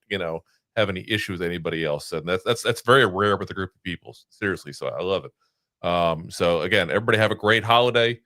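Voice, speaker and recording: A man on a podcast panel signing off in a friendly, halting way. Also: on the low side, a bit bright, no room sound, clean studio sound. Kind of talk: casual sign-off.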